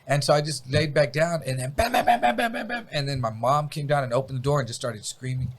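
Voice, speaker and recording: A man's voice: medium pitch, fast. A man casually telling a story on a podcast, swearing freely and acting out sounds. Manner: profane, animated, acts out sounds. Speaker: podcast guest.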